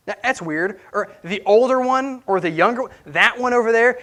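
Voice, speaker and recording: A man's voice: very high voice, moderate pace, few pauses, fairly bright tone. A man, a pastor, preaching a conversational sermon in church and asking the congregation questions as he goes.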